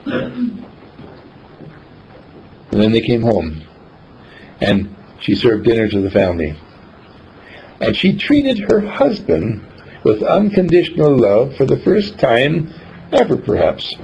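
Gravelly guy telling a story, voice swoops a lot, dull lo-fi recording w faint hiss. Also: medium pitch, takes it slowly, pauses often. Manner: animated storyteller, acts out scenes. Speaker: speaker. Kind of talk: motivational storytelling talk.

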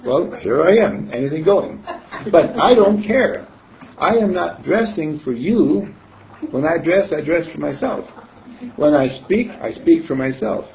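A man's voice: fairly high pitch, animated, a little slow, creaky. A man leading a group meeting who talks in a casual, teasing way and laughs often. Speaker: meeting leader. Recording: slightly dull with faint noise.

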